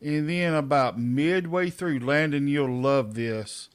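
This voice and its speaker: Slow-talking middle-aged man telling stories. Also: on the high side, clear, resonant tone. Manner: chatty storyteller, laughs often. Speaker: podcast co-host. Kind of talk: casual chat.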